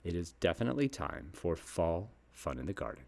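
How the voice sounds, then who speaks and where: A low-voiced man in his fifties reads a scripted garden column. He tells it in a folksy, upbeat way, and his pitch swings widely as he goes. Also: big pitch swings, a little fast, vocal fry, darkish tone. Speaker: garden nursery host. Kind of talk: scripted read-aloud column.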